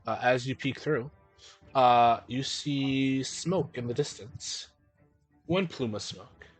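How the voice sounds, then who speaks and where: A man running a tabletop game as game master, narrating scenes in a halting way with many fillers. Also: mid-range voice, soft background music.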